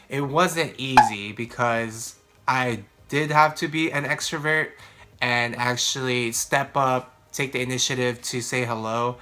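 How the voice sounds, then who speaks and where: Young male vlogger, bright tense voice, chatty with lots of fillers. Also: medium pitch. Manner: chatty, relaxed, frequent ums and you-knows. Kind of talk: casual vlog talk to camera.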